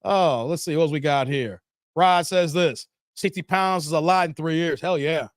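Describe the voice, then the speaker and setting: A man's voice: a little high, moderate pace, no room sound. A man hosting a livestream from his basement studio, reading viewer comments aloud and joking back at them with frequent laughter. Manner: animated, joking, laughs often, talks back to chat. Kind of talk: casual livestream chat.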